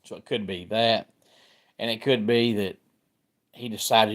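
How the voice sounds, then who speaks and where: Give me a middle-aged Southern man with a slightly low voice, talking football on a casual live stream. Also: fairly even intonation, measured pace, long pauses. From Georgia, US. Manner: chatty, greets viewers by name while discussing football.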